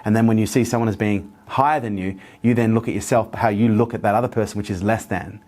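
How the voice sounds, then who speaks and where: During a motivational interview, the guest speaks earnestly, spinning stories in which he repeats himself a lot. He has a lowish, darkish voice with a steady tone and a quick pace.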